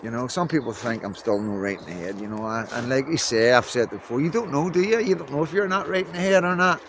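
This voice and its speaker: A man's voice: mid-range voice, expressive, fast, noisy background. Northern Irish man, rambling to camera. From Belfast, Northern Ireland. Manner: rambling, repeats "you know what I mean". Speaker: vlogger. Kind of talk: casual talk to camera. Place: indoors in Scotland.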